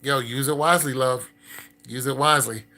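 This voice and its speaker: A man's voice: medium pitch, fairly quick. A man on a livestream, casually commenting on scam messages and chatting with viewers in a loose, filler-heavy way. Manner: loose and conversational, lots of fillers; gets loud and excited chatting with viewers. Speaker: streamer.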